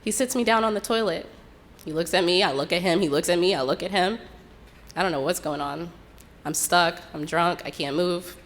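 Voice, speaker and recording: A young woman telling a personal story in an unhurried, reflective way, acting out what others said. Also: lowish voice. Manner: unhurried, reflective retelling with quoted dialogue.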